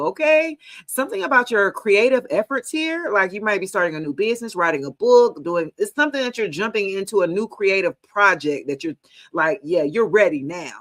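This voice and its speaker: A woman's voice: medium pitch, very animated, normal speed, fairly bright tone. Laughing, profane woman reading tarot. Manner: casual, profane, laughing often, talks to viewers as y'all. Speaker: tarot reader.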